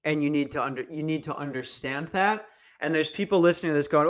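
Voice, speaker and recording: A man's voice: a little high, quick pace. A young man hosting a podcast, ranting casually in a crude, meandering and sarcastic way. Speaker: podcast host. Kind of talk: casual rant.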